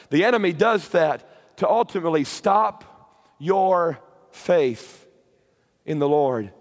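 A man preaching a sermon with passion, rising to shouted peaks and repeating words. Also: high voice, long reverb tail. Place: church or camp meeting hall.

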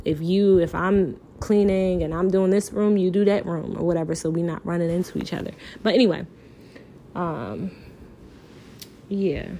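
A woman's voice: fairly low pitch, dark tone, slight background noise. A woman hosting a podcast alone, talking in an impassioned, pleading way, full of filler words and swearing, close to tears. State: near tears. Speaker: podcast host. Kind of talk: emotional podcast monologue.

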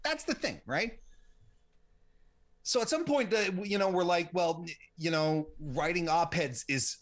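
A man's voice: sits high, measured pace, a little hiss or hum. Late-40s guy rambling thru interview answers, lots of uhs and restarts. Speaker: interview guest, women's wrestling site runner.

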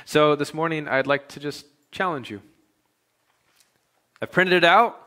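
Bright-voiced male pastor preaching emphatically. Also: on the high side, measured pace. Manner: emphatic, building repeated phrases, then dropping to quiet asides. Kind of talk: sermon.

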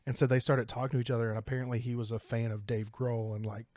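A man's voice: medium pitch, little pitch movement, fast talker, a little mellow, no echo. Male podcast host, casual and rambling, curses freely, dry close mic. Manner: rambling storyteller, swears freely. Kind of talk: casual chat.

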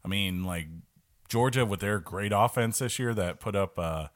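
A man with a very low, deep voice talks through college football in a loose, casual podcast chat. He is animated and often laughs, tossing in quick asides as he goes. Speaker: podcast co-host. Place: here in Atlanta.

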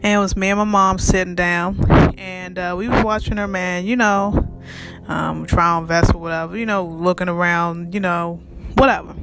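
A vlogger telling a heated storytime rant straight to viewers, animated and profane, calling out to the audience as she goes. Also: medium pitch, normal speed, over music. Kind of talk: casual storytime rant to camera.

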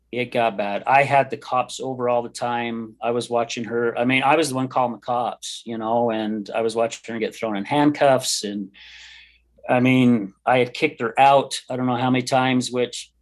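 Earnest man telling his story. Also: medium pitch. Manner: earnest, rambling, acts out quoted dialogue. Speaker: podcast host and guest. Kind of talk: personal storytelling in interview.

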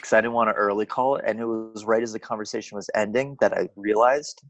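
Low-ish guy rambling thru a story on his podcast, dry close sound. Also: fairly even intonation, fairly bright tone, dry recording. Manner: rambling storyteller, halting restarts. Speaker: podcast co-host. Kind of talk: casual chat.

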